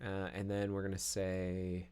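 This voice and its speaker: A man's voice: sits low, monotone, measured pace, warm tone, clean tone. A man casually thinking aloud as he live-streams coding, full of fillers and restarts. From Canada.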